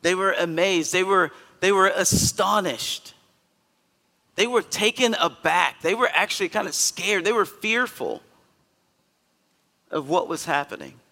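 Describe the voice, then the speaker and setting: A male pastor giving a conversational sermon in a church, earnest and emphatic, with sudden loud bursts. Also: sits high, a little slow, gravelly, long pauses, in a large hall. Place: church sanctuary.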